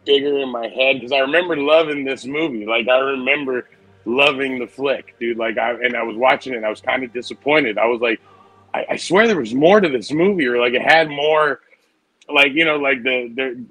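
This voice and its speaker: A man's voice: mid-range voice, fairly even intonation, brisk, sharp tone, dry recording, rough recording. A man co-hosting a casual movie podcast, talking in a rambling, profane, enthusiastic way. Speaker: podcast co-host.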